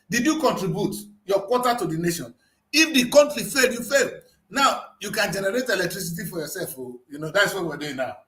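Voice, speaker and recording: Man hosting a paper review, high-pitched and worked up, lots of "you understand?", echoey studio. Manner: animated, emphatic, rhetorical questions. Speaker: host of a newspaper review show. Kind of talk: heated studio discussion. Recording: roomy studio echo.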